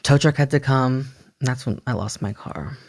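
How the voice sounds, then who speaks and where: A young man telling stories on a podcast in a loose, animated way, full of fillers and acted-out quotes. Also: mid-range voice, moderate pace. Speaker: podcast guest. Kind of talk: casual storytelling about addiction recovery.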